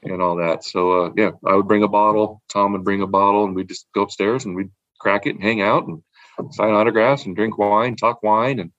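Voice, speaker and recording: A man's voice: on the low side, fairly even intonation, brisk, a bit bright, no echo, highs cut off. A man in casual chat, rambling about wine with repeated words and frequent laughs. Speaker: podcast guest, wine collector.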